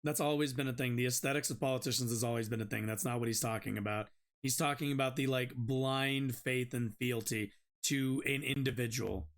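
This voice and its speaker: A man's voice: medium pitch, fairly even intonation, brisk. A man hosting a live-streamed political debate in casual commentary, rambling with many restarts and fillers.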